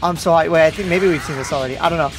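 A YouTube gaming host reacting live to a game trailer, gasping and repeating excited exclamations nonstop. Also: medium pitch, racing, over music.

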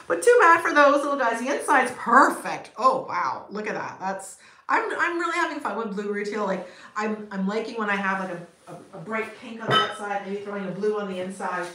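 Streaming her pottery live, a middle-aged Canadian woman speaks in a slightly high, pushed, bright voice. She's upbeat and casual, laughs often, and addresses her viewers, recorded in an echoey space with faint noise.

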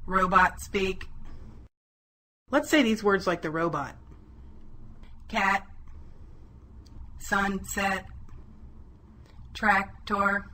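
A woman giving scripted educational narration for children, clear and encouraging, sounding out words in pieces. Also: mid-range voice, fairly bright tone. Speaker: instructional narrator.

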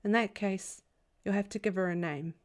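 A woman's voice: mid-range voice, normal speed, lightly acted. A woman voicing a big, kindly Zulu farmhand. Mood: wry. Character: big, good-humoured Zulu farmhand, gentle man.

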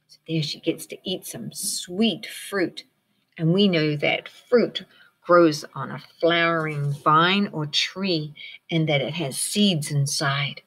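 A woman's voice: low voice, takes it slowly, fairly bright tone. A woman teacher reading a picture book aloud to children, encouraging them and asking them questions. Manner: encouraging, asks the listeners questions.

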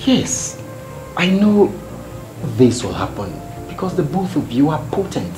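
A Nigerian doctor in a film drama, his voice rising and falling widely as he reassures and preaches calm. The room rings with echo and music runs clearly beneath. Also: a little high, measured pace. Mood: reassuring. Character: doctor consoling a patient, religious, calm. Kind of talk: Nollywood film acting. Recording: roomy film sound with music.

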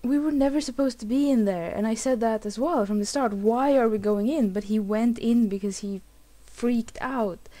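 A woman talking over a video game as a let's play host, reacting emotionally, swearing and restarting her sentences. Her voice is high and mellow. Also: normal speed, hardly any pauses. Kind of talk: casual game commentary.

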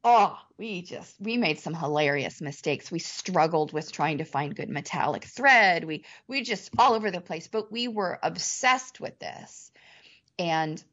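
Animated woman telling a story, muffled audio. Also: on the low side, measured pace. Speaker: podcast guest, temari artist. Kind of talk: casual interview storytelling. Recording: slightly muffled podcast audio.

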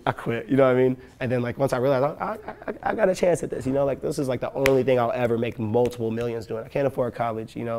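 Fast-talking gravelly man. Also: medium pitch, fairly even intonation, darkish tone. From west side of Chicago. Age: late 20s. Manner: loose, profane, laughing often, full of "like" and "you know". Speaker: rapper and producer, interview guest. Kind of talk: casual storytelling interview.

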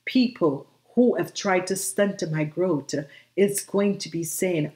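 Woman tarot reader, lower register, direct and encouraging to camera, filler-heavy delivery. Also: a little slow, a little mellow. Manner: encouraging, emphatic, many "um" fillers. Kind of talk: solo video reading addressed to viewers.

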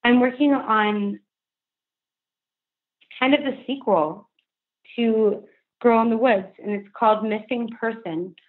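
A woman's voice: on the high side, slow, pauses often. A young adult woman speaking earnestly and candidly as a podcast guest, with frequent "like" fillers. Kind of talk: candid interview conversation. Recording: phone-line remote call.

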